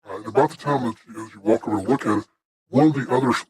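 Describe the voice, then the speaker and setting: A man's voice: mid-range voice, fast talker, breathy edge, no room sound, poor audio. A man narrating a tabletop game as game master, describing scenes casually with fillers.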